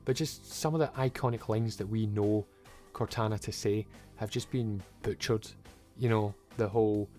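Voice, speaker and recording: A man's voice: on the low side, steady tone, normal speed, warm tone, soft background music. A young man giving a casual, rambling, opinionated video game review and swearing now and then.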